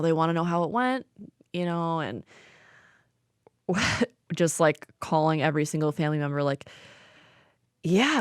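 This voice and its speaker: A young woman chatting casually as a podcast co-host, her voice sitting a little low. She talks in a loose, rambling way, full of fillers and quick laughs. The sound is close and dry, with little room around it. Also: no echo. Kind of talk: casual chat.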